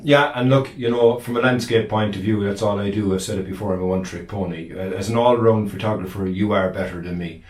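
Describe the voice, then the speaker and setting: A man with an Irish accent co-hosting a podcast, reading listener questions in a relaxed, modest way. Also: on the low side, quick pace, hardly any pauses. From Ireland. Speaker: podcast co-host. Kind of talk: casual chat. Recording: roomy, distant from the mic.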